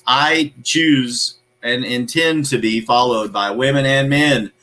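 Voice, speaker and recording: A man's voice: mid-range voice, slow pace, sharp tone, low-quality recording. A man hosting a live motivational show, talking emphatically in a preachy way, repeating his key phrases and greeting viewers by name.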